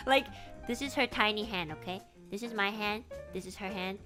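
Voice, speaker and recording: Young woman streamer, casual storytelling, animated and profane, bright forceful tone, light music behind. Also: mid-range voice, moderate pace. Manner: animated, swears freely, laughs often.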